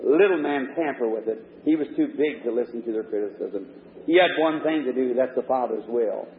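A man preaching an impassioned sermon, moving between loud exhortation and low, hushed points. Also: fairly quick, slight background noise. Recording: tinny, echoey old hall recording.

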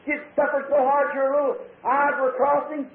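A man from preaching an impassioned sermon in church, telling a personal story and rising at times to shouts, with drawn-out phrases. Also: very high-pitched, little pitch movement. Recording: echoey, tinny old church tape.

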